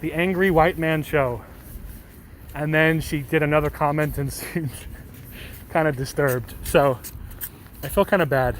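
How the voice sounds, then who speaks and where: A man with a slightly high voice chats loosely with his viewers, rambling and poking fun at himself. Faint traffic hums behind him outdoors. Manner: chatty, rambling, self-deprecating, swears casually. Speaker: streamer reading chat. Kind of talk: casual chat with viewers.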